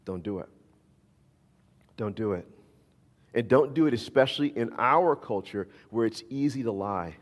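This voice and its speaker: A man's voice: mid-range voice, animated, normal speed, long pauses, long reverb tail. A man preaching a sermon as pastor, emphatic and repeating his key phrases.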